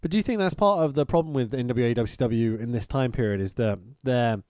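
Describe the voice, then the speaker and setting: A man's voice: medium pitch, fast, a little mellow, dry recording, studio quality. A man co-hosting a casual podcast, chatting sarcastically about old wrestling and swearing now and then. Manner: sarcastic, swearing, laughing at the show. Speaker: podcast co-host.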